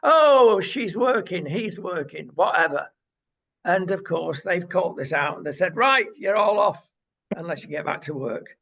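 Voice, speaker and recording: A man's voice: sits high, animated, moderate pace, creaky, fairly bright tone, slightly rough. A man co-hosting a casual current-affairs chat, opinionated and rambling with lots of uhs. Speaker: co-host. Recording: dull lo-fi sound.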